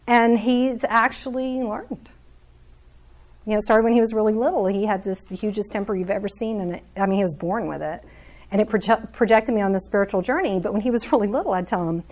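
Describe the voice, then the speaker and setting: A middle-aged woman coach giving a lively, conversational teaching talk to a group, often laughing as she explains. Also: mid-range voice, brisk. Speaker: emotional coach.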